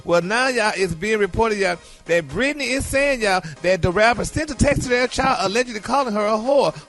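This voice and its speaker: A man's voice: high voice, expressive, a little fast, a bit bright. Chatty sing-song gossip man. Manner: chatty, says "y'all" often, sing-song. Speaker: celebrity gossip reporter. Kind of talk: gossip segment.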